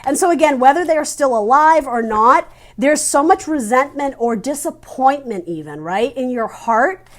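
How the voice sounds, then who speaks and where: Earnest, fairly high-voiced woman reading tarot. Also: lively intonation, normal speed. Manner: earnest, addresses the viewer directly; thinks aloud, searching for words. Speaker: tarot reader. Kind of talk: casual spoken tarot reading.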